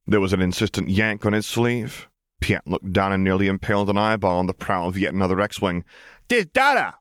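A man narrating a fan-fiction audiobook in a measured, expressive storytelling manner. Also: low-pitched, smooth, no room sound, clean studio sound. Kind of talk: scripted narration.

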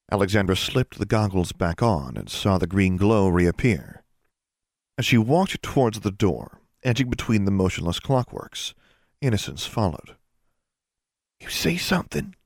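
A man narrating a fantasy audiobook in a steady, measured storytelling manner. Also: on the low side, gravelly, dry recording, clean studio sound. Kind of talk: scripted narration.

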